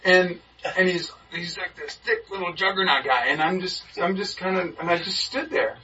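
A man's voice: high-pitched, moderate pace. A man in a Bible study group telling a story with energy, acting out the voices of the people in it. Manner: lively, acts out the people in his story. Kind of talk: animated storytelling in a group discussion. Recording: muffled, from a distance, faint background hiss.

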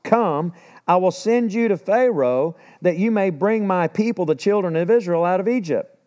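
A man's voice: sits high, lively intonation, normal speed, a little mellow. A man preaching a sermon, retelling scripture casually and acting out the dialogue.

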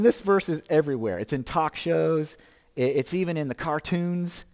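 A man's voice: fairly high pitch, darkish tone, long reverb tail. A man in his fifties preaching a sermon as pastor, conversational, asking the listeners questions and joking about himself. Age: 50s. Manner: conversational, self-deprecating humor, rhetorical questions.

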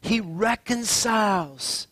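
A man preaching a sermon as a pastor, swinging from hushed, drawn-out phrases to emphatic lines. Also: sits high, expressive, no echo.

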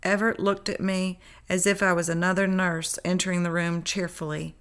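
A woman reads her own memoir aloud in a calm, unhurried manner. Her voice sits on the low side, and she tells the story plainly. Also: clear, resonant tone. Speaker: narrator. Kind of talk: memoir read-aloud narration.

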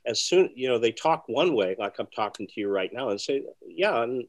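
A man who is a magician, telling stories in an interview with a rambling, conversational manner full of fillers and restarts. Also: a little fast. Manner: often soft and low, with lively bursts. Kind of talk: casual interview storytelling.

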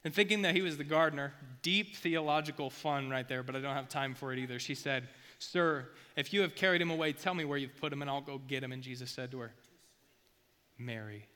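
A man preaching a sermon in a casual, slangy, energetic way, reading scripture and breaking off for asides. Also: mid-range voice, quick pace, few pauses, smooth. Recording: long reverb of a hall.

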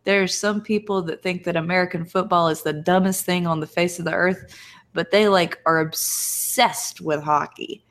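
A woman's voice: fairly low pitch, steady tone, moderate pace, a bit bright. A woman guest on a casual gaming podcast, blunt and teasing, laughing between points.

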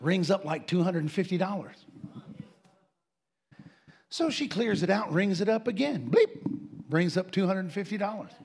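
Preacher, male, high husky voice; folksy storyteller who breaks into shouted praise. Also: normal speed, pauses often. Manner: animated, bursts into loud shouts of praise; folksy, laughs often. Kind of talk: storytelling sermon.

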